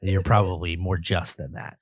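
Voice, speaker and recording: A man's voice: low-pitched, level tone, normal speed, slightly rough, no room sound. A man with a nasal voice co-hosting a podcast, talking in a playful, teasing way. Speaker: podcast co-host. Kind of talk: casual chat.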